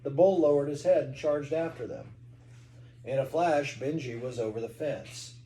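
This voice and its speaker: A man's voice: medium pitch, moderate pace, dark tone, echoey room, slight background noise, rough recording. A man from Kentucky, a parent reading a storybook aloud to a child at home, with chatty asides.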